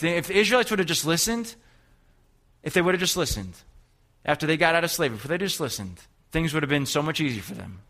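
Forceful bright-voiced male preacher. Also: on the high side. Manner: call-and-response, urging the congregation; emphatic, repeating phrases. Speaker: youth preacher. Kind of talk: sermon.

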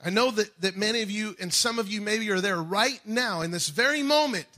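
A man preaching a sermon, moving between quiet reflection and loud, emphatic calls. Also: high-pitched, fairly quick. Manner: dynamic preaching, swings from soft to shouting. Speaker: pastor.

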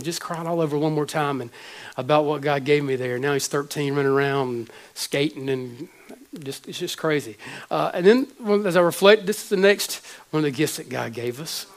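A man in his forties, a pastor, preaching an emotional sermon with many halting restarts. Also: fairly high pitch.

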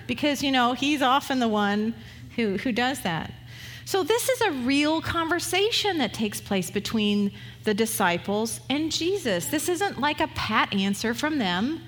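Woman pastor giving a sermon, kinda high voice, chatty and jokey, acts out the quotes. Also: a bit bright, in a large hall. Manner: conversational and humorous, acting out quoted voices.

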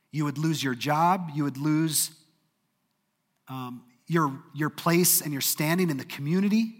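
A man preaching a sermon, telling a story earnestly, sometimes brisk and sometimes dropping to a hush. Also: on the high side, big-room sound. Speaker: pastor.

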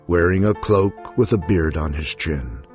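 A man with a very deep voice reads a rhyming storybook poem in a measured, sing-song rhythm. Soft music plays faintly behind him. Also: expressive.

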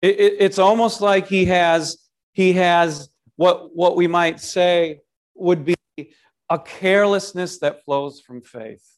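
Speaking slowly in a high-pitched voice, this male preacher gives a brief devotional sermon. His manner is lively and conversational, with frequent sentence restarts and rhetorical questions aimed at the listener.

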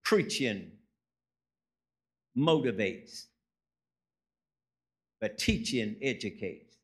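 A man's voice: mid-range voice, very animated, extremely slow, a bit bright. A man, preaching a sermon as a guest preacher, telling folksy stories and rising into emphatic preaching.

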